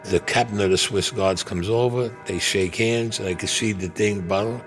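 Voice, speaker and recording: A man's voice: fairly low pitch, fairly even intonation, normal speed, faint music behind. An older man telling a story in a blunt, streetwise way and swearing freely. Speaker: interviewee. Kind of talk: casual storytelling.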